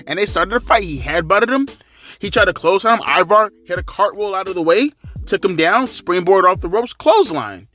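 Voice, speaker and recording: A man's voice: high-pitched, moderate pace, faint music behind. A man in his thirties giving a casual, profane, slangy rant as a wrestling commentary vlogger. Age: 30s. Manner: slangy, animated, crude.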